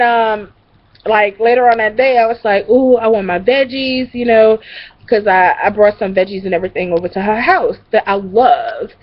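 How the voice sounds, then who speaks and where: Rambling, laughing young woman storyteller. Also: on the high side. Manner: rambling, profane, laughing, many fillers. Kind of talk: casual storytelling vlog. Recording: dull lo-fi recording.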